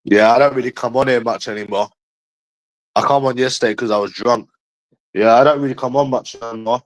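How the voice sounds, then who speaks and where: A man's voice: mid-range voice, steady tone, fairly quick, low-quality recording. A man in a profane, rambling livestream chat, calling his viewers bro and mate.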